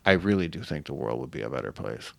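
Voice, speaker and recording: A man's voice: very deep voice, big pitch swings, quick pace, vocal fry, dry recording. A man from Connecticut, a rapper, chatting laid-back as a podcast guest and swearing freely. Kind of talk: casual chat.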